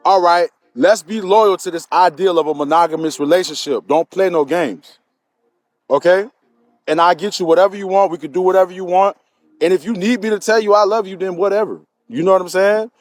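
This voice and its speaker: A man co-hosting a casual live stream, answering viewer comments, pressing his points and repeating them. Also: high-pitched. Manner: emphatic, repeats his points, frequent restarts. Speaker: livestream co-host.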